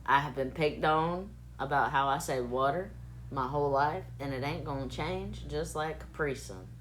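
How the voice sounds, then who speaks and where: A woman's voice: sits low, moderate pace, a bit bright, slight background noise. A woman streaming live and chatting casually with her viewers, profane and playful, teasing them back and repeating words to check how she says them. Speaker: livestreamer reading chat.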